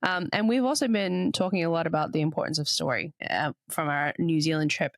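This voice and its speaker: A woman in her thirties with a mixed international accent hosts a podcast in a relaxed, chatty way. Her pitch bounces up on lively moments and she laughs easily. The sound is dry and close. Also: a little fast, no room sound. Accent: mixed international, Papua New Guinea upbringing. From Australia. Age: 30s. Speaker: podcast co-host. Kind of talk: casual chat.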